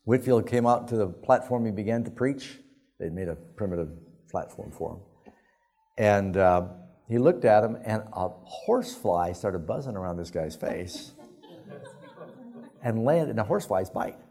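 A man's voice: on the low side, lively intonation, measured pace, dark tone. A male pastor preaching a sermon, telling anecdotes in a folksy, conversational way. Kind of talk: sermon storytelling.

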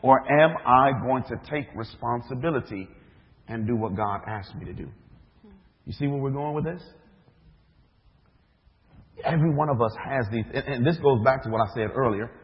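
A man's voice: mid-range voice, normal speed, long pauses. A man, a minister, preaching a sermon, telling a story with acted-out dialogue and rhetorical questions. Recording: dull echoey hall recording.

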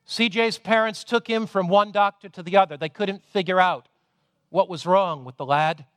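A man preaching a sermon, moving between loud emphasis and hushed, intimate passages. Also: high-pitched, moderate pace, clear, resonant tone, dry recording, clean studio sound. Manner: dramatic, swings from loud to hushed.

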